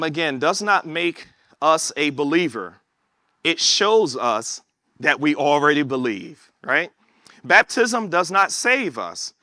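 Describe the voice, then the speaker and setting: A male pastor preaching in a chatty style, his voice high and bright. He swings from quiet low asides up to excited, shouted lines. The sound is dry and close. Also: no echo. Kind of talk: sermon.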